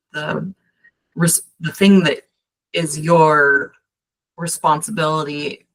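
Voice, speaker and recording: A woman hosting a podcast as a coach, speaking calmly and affirmingly in a reflective way. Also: sits low, poor audio. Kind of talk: casual interview talk.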